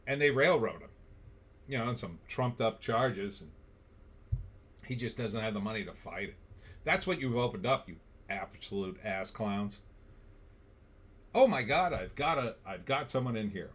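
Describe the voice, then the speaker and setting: A man's voice: fairly low pitch, lively intonation, normal speed, pauses often, fairly bright tone. Blunt, sarcastic man on a livestream. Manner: blunt, sarcastic, reads chat comments aloud. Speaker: livestream host. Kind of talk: political commentary livestream.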